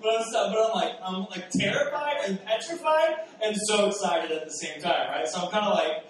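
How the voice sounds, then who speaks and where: In a very echoey sanctuary, a man who pastors a church and comes from Texas delivers sermon storytelling at a moderate pace. His fairly high voice is casual and animated, often dissolving into laughter as he acts out his astonishment. He sounds slightly distant from the microphone over a faint hiss.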